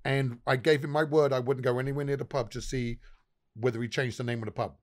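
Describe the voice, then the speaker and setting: A man's voice: mid-range voice, fairly even intonation, quick pace. A middle-aged man, a pub owner guest, telling stories animatedly with lots of swearing and acted-out dialogue. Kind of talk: casual storytelling.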